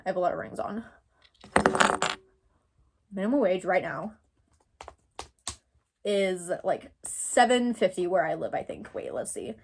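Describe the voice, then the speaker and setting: A woman's voice: on the low side, expressive, a little slow, vocal fry, pauses often, a little mellow, a little hiss or hum. A young woman from Texas giving casual commentary, thinking aloud and rambling with lots of filler words. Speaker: commentary creator.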